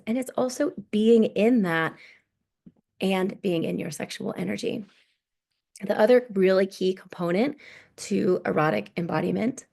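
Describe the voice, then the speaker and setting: A woman in her thirties giving a relaxed workshop talk as a sex coach, often tagging "right?" onto her points. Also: mid-range voice, gravelly. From United States.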